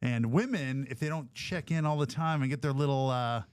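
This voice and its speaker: A man co-hosting a casual podcast, joking and teasing in quick asides. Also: mid-range voice, smooth, dry recording. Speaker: podcast co-host. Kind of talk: casual chat.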